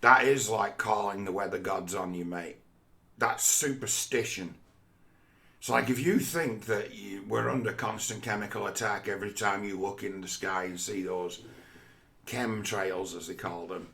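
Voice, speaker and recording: A man's voice: lowish voice, measured pace, gravelly, pushed and bright. A man in a casual, rambling monologue, swearing often and talking conversationally.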